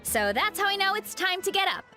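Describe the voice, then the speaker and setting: A woman's voice: very high voice, big pitch swings, a little fast, pushed and bright, heavily acted. A woman voicing a friendly, easygoing young woman athlete in a video game. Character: cheerful young woman athlete, sleepy mornings. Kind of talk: game voice acting. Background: game music.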